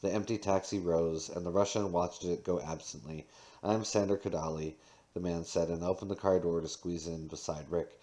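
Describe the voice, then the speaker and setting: A man's voice: low-pitched, fairly even intonation, moderate pace, mellow. A man reading a novel aloud, doing the narration and dialogue in his own voice, with occasional slips and restarts. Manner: reads with small slips and restarts. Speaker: audiobook reader.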